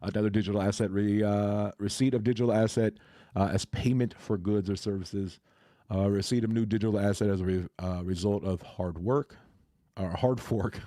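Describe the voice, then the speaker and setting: A man's voice: on the low side, warm tone, no echo, studio quality. A man chatting casually on a crypto livestream, hesitant and full of fillers and restarts.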